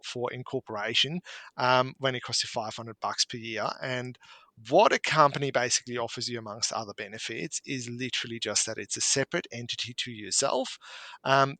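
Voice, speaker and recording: A man's voice: medium pitch, sharp tone, no room sound. A man, an accountant guest on a podcast interview, explaining with homely anecdotes and examples.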